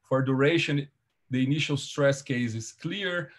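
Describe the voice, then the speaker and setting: A man presenting a linguistics seminar over a video call, his pitch sitting in an ordinary middle register. He talks through each slide carefully and methodically, in a calm explanatory tone. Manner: explains slides step by step in measured academic tone.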